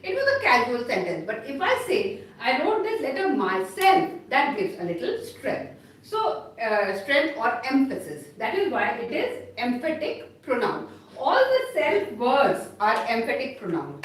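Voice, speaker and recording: High, lively woman teacher in an echoey room. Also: far from the mic, slight background noise. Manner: explains slowly with repeated examples and many fillers. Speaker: English grammar teacher. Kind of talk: live online class lesson.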